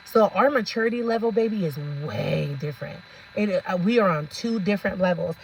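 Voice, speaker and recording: A woman vlogger in a sassy, ranting mood, breaking into laughs and calling out to her viewers. Her pitch sits in the middle. The recording has a faint background hiss. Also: fairly quick, darkish tone, rough recording. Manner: sassy, laughs often, talks straight to viewers. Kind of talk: casual ranting commentary.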